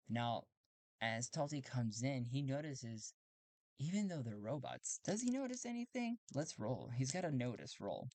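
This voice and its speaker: A man narrates his own solo tabletop game close to the mic in a mid-range, dry voice. He thinks out loud as he goes, corrects himself often and laughs easily. The sound is close and intimate, with no room around it. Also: medium pitch, no room sound.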